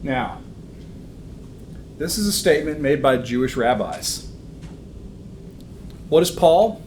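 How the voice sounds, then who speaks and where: Man, church Bible teacher, conversational, frequent ums, slightly high voice, roomy echo, faint background hum. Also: expressive, takes it slowly, a little mellow. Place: church classroom with a live audience.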